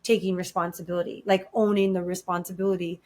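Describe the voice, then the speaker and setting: A woman's voice: fairly low pitch, flat delivery, quick pace, darkish tone. A woman in her thirties co-hosting a casual talk, speaking reflectively and acting out quoted lines of dialogue. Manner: reflective, acts out quoted dialogue with shifting voices. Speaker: podcast co-host. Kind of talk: casual conversational chat.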